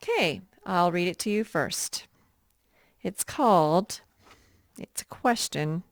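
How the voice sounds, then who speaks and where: A woman teacher leading an early reading lesson for young children, patient and repeating words slowly. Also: fairly low pitch, lively intonation, no echo, studio quality.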